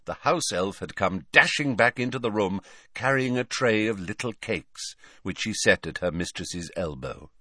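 A man reading a story aloud as narrator, clear and unhurried. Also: fairly low pitch, animated, bright, forceful tone, dry recording, clean studio sound. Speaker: audiobook narrator. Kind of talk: scripted narration.

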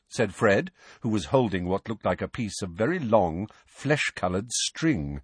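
A man reading a novel aloud with expressive storytelling. His voice is husky and moves a lot in pitch. The booth sounds dry and close. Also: a little slow, few pauses, dry recording. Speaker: audiobook narrator. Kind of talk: scripted narration.

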